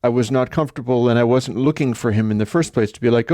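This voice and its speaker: A man's voice: medium pitch, fast, warm tone, no room sound, studio quality. A man hosting a livestream, telling a story in a rambling, conversational way. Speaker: livestream host. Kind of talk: casual livestream chat.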